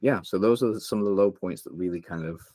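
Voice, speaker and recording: A man's voice: low voice, fast, warm tone, no echo. A young man from England, a podcast guest, telling a painful personal story openly and emotionally, rambling with many fillers. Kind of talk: candid interview storytelling.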